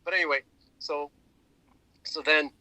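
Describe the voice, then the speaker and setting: A man co-hosting a podcast, retelling a story in a rambling, animated way with many restarts and fillers. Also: on the high side, measured pace, dry recording, rough recording. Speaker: podcast co-host. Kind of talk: casual chat.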